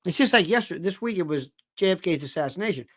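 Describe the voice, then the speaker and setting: A man's voice: high voice, animated, fast talker, no echo, studio quality. A middle-aged man hosting a talk show, ranting about politics with emphatic, repetitive and sarcastic delivery.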